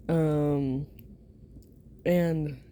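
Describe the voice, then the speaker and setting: A woman narrates a whispered role-play story, rambling with giggles and fillers. Her voice is low and deeply mellow, and she speaks slowly, with faint noise in the background. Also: steady tone. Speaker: ASMR storyteller.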